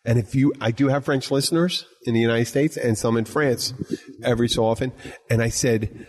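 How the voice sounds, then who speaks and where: A man hosting a casual bar-talk podcast. He tells stories in an animated, rambling way and often restarts his sentences. His voice sits at a middling pitch. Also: moderate pace. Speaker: podcast host and bartender.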